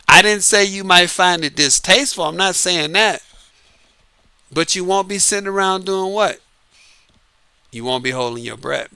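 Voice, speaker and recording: A man's voice: high voice, pushed and bright, clean tone, no echo. A man talking casually to his viewers in a monologue, laughing often and using slang. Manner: laughs often, uses Southern-flavored slang. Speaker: online commentary host.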